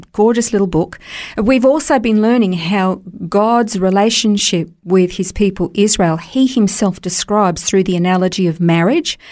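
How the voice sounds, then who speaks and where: Woman, radio Bible teacher, mid-pitched, emphatic and explanatory, steady flow.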